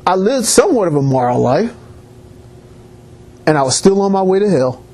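A man's voice: high voice, moderate pace. A man preaching a sermon with emphatic rises and restarts. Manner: animated preaching, rising emphatic peaks.

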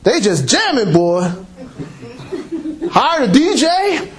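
A man's voice: very high-pitched, slow pace. A man preaching a sermon, exhorting and retelling scripture stories with playful mockery. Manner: animated storytelling, mocking, exhorting.

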